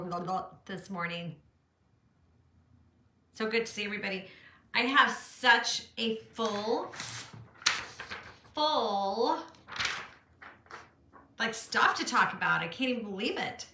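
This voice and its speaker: A middle-aged art teacher hosts a live stream on her phone camera from her home art studio, chatting casually in a bright, bubbly, medium-pitched voice. She greets viewers by name and laughs often, and the room sounds echoey.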